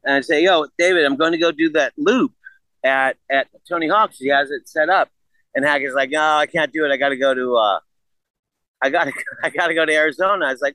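A man in his sixties telling a story in casual chat, animated and profane, acting out what others said. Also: fairly high pitch, brisk, no echo, rough recording. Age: 60s. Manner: animated, profane, acts out quotes.

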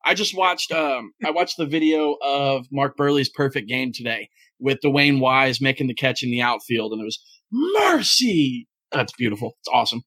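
A man's voice: mid-range voice, steady tone, normal speed, hardly any pauses, a bit bright, dry recording. A man guesting on a sports podcast, telling a loose story full of fillers. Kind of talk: casual podcast chat.

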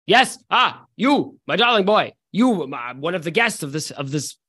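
A man voicing a grand, fussy noblewoman who gushes in a high, affected sing-song voice. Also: very animated, moderate pace, bright, forceful tone, husky, heavily acted. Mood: gushing.

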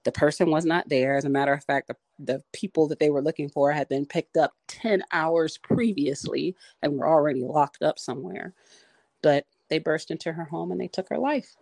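Earnest, gravelly-voiced woman. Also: low-pitched, darkish tone, dry recording. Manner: earnest, halting, many fillers. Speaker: podcast co-host. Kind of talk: casual discussion.

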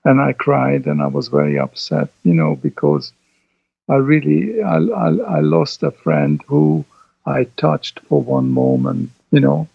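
An older man, a film director, reminiscing as an interview guest, halting, with many restarts. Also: mid-range voice, big pitch swings, creaky, husky, no echo. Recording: dull lo-fi sound.

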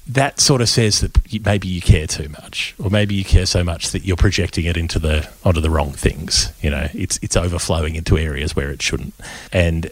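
A man with a low voice hosts a podcast, weighing his points in a thoughtful, measured way. The sound is dry and close, with no room around him. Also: dry recording, low-quality recording. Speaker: podcast host. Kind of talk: conversational podcast chat.

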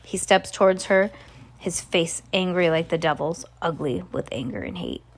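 A woman's voice: on the low side, normal speed. A woman reading a ghost story aloud expressively, dropping in casual asides. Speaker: storybook reader.

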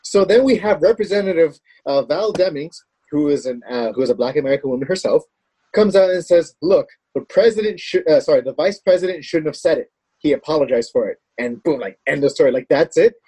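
Mellow-voiced man discussing politics. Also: on the high side, lively intonation, slightly rough, low-quality recording. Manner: measured, with frequent restarts. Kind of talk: political talk show chat.

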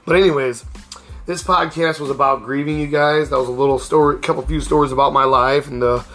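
A man's voice: medium pitch, steady tone, brisk, fairly bright tone, soft background music. A middle-aged man hosting a casual storytelling podcast, speaking candidly and rambling with frequent restarts. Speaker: podcast host.

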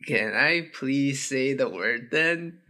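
Man voicing a smart-mouthed schoolboy, bright lively tone, slow delivery. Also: mid-range voice, full character voice. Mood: cheeky. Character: cheeky troublemaking schoolboy son.

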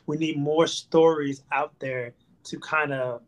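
A man hosting a podcast, chatting casually and joking with quick asides. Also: a little high, steady tone. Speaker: podcast host. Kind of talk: casual chat.

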